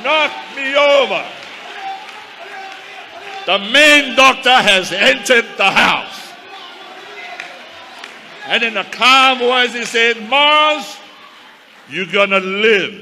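A man's voice: extremely high pitch, animated, takes it slowly, long pauses, sharp tone, a little hiss or hum. A man, a minister, giving a fervent testimony sermon to his congregation. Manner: fervent preaching, addresses the congregation as saints. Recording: long hall reverb with faint crowd.

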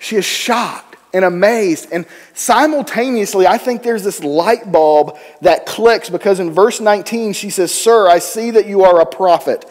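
A man preaching a sermon in a church, telling the story with animated voices for the people in it. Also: high voice, normal speed, hardly any pauses, long reverb tail. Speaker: pastor. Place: church sanctuary.

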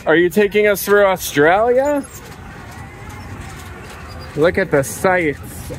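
Lively playful mom vlogging outdoors. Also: female voice, medium pitch, takes it slowly, a little hiss or hum, low-quality recording. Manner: playful, teasing, talks to kids. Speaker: family vlogger. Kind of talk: casual family vlog chat. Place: outdoor zoo.

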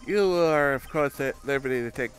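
A man voicing a cold, calculating male kidnapper in a video game, speaking slowly and menacingly. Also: medium pitch, faint music behind, close to an everyday voice.

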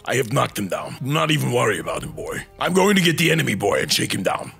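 A man voicing a stern, gruff warrior god and father in stiff formal speech, scolding his partner as "boy" during a game stream. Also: medium pitch, very animated, fast talker, a bit bright, soft background music, exaggerated voice. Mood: barking. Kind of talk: gameplay voice impression.

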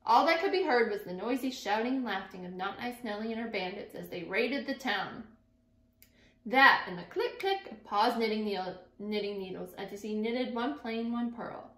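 A woman's voice: a little high, expressive, normal speed, fairly bright tone. A woman teacher expressively reading a picture book aloud and interjecting to her class. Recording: echoey room.

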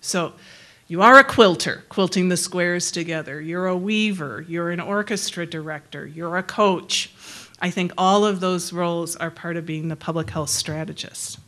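A woman's voice: on the low side, normal speed, sharp tone. A middle-aged woman giving a conversational presentation to a forum as a public health researcher, plain-spoken and friendly, laughing easily between points.

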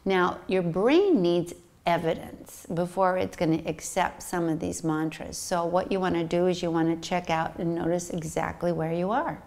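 A woman's voice: on the low side, moderate pace, a little mellow. A middle-aged woman teaching meditation, talking soothingly and demonstrating breaths and sighs aloud. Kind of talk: guided meditation instruction.

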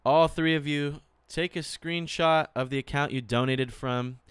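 A young man, a singer, chatting casually with viewers at the end of his live stream in a relaxed, thankful way. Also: fairly high pitch, unhurried, smooth, no echo.

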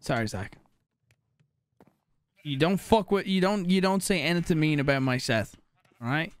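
Young guy streaming a game, kinda high voice, super bouncy, swears constantly and jokes around with chat. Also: lively intonation, moderate pace, clear, resonant tone. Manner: crude, joking, swears a lot, reads chat aloud. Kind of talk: casual live-stream commentary.

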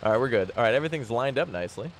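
A man in a mid-range voice leads a laid-back multiplayer gaming chat. He rambles along, cracks jokes and bursts into quick exclamations as he plays with his friends. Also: medium pitch, lively intonation. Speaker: host of a multiplayer game session. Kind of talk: casual gameplay chat with friends.

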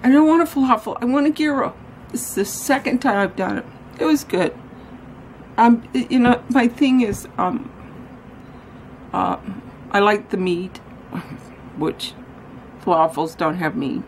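A woman vlogger rambles casually through her errands and then at home, often joking at her own expense. Her voice is a little high and animated, a little slow with long pauses, on a low-quality recording with a little hiss or hum.

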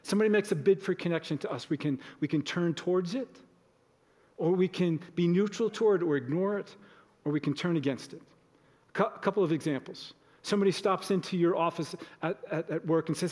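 A man's voice: high-pitched, a little fast, a little mellow, in a large hall. A male pastor giving a conversational sermon in a church, sometimes acting out short everyday exchanges. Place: church sanctuary.

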